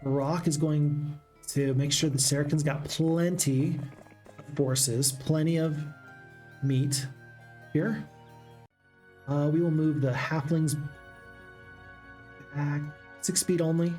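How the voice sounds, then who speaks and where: A man with a slightly high, mellow voice talks through his moves in a strategy game, chatty and musing aloud to his viewers. Faint game music plays underneath. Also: fairly even intonation, slow pace, long pauses. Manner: chatty, thinks aloud, addresses folks. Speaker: gaming channel host. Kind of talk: casual strategy game commentary.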